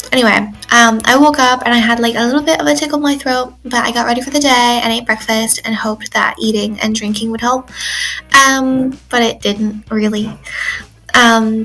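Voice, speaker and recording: A woman's voice: fairly high pitch, fairly bright tone, low-quality recording. A sixteen-year-old girl recording a casual video diary in her room, rambling with lots of "like" and "um" fillers. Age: teens. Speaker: exchange student video journaler. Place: bedroom at home.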